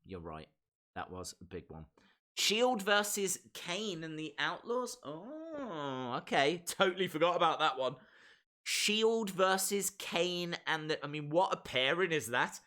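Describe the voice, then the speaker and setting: A man's voice: fairly high pitch, sing-song, unhurried, bright, forceful tone. A man hosting a casual live stream, chatting and reading viewer comments aloud with lots of repeated phrases.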